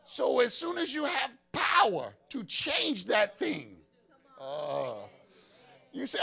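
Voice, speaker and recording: A man preaching a fervent sermon as an apostle, often shouting and breaking into prayer in tongues. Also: extremely high pitch, very animated, slow, vocal fry, breathy edge.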